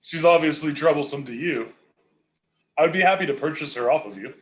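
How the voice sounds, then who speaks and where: A man's voice: a little high, a little fast. A man playing a tabletop game, bargaining in character with hesitant fillers. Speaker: player.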